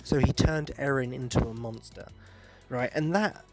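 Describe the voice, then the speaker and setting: Excitable, sweary young man. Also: mid-range voice, normal speed. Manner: excitable, sweary, self-mocking, rambling. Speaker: podcast host. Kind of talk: casual rambling monologue.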